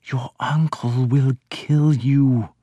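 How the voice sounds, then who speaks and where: A nervous priest, hushed and anxious, in a voice pitched up a little, as a man puts him on in an audiobook. He speaks carefully and softly. The sound is dry and close. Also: lively intonation, unhurried, dry recording.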